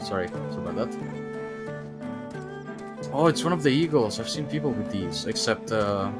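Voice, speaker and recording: A man casually commenting on a video game as he streams it, thinking aloud and sometimes yelping with excitement. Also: on the low side, moderate pace. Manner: chatty, thinks aloud, bursts into excited yelps. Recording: game music playing behind.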